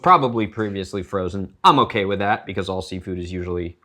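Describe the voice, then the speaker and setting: A man's voice: low voice, quick pace, sharp tone. Chatty man cooking and explaining. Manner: chatty, explains as he cooks, jokey tangents. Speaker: chef and cooking show host. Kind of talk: casual cooking demonstration.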